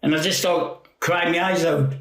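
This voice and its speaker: Man, 50s, guest storyteller, a touch high-pitched, rambling and sweary, roomy echo. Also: steady tone, normal speed, a bit bright. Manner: rambling, laughing, swears freely. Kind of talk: casual storytelling chat.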